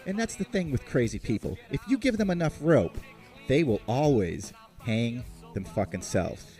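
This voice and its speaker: Animated, profane man telling stories. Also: medium pitch, normal speed, soft background music. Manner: animated, sarcastic, swears freely. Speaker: podcast host. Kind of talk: profane comic storytelling.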